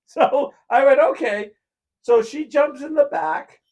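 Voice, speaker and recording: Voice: sits high, slow pace, vocal fry, dull audio. A podcast co-host telling a story in casual chat, acting out quoted lines and laughing often. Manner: animated storyteller who acts out quoted lines.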